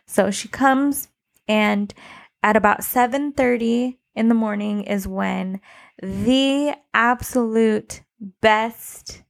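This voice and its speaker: Gravelly-voiced young woman telling a story. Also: on the high side, slow pace. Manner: animated, laughs often, acts out quotes. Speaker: podcast co-host telling her birth story. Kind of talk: casual storytelling chat.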